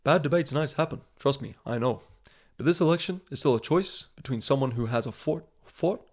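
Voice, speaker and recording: A man's voice: medium pitch, natural voice. A man doing an impression of a formal American statesman, reading out a statement in a put-on American accent. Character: measured American male statesman.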